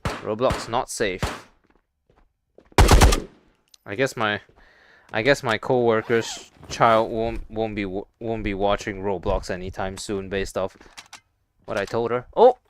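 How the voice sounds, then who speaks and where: A man's voice: fairly low pitch, slow, long pauses, a little hiss or hum. A young man streaming a VR game, chatting casually with viewers in a rambling, stop-start way with some swearing. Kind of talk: casual gaming stream chat.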